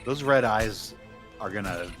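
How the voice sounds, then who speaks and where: A man's voice: lowish voice, a little slow. A man joking dryly while playing along in a casual gaming session. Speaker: co-player in voice chat. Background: music.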